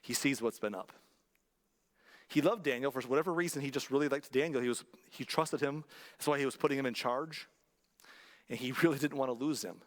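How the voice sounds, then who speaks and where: Here the sermon comes in a mid-range voice, a little fast but broken by long pauses, with a long reverb tail filling the church sanctuary. The pastor relates a story in a conversational way, driving each point home by repeating it emphatically.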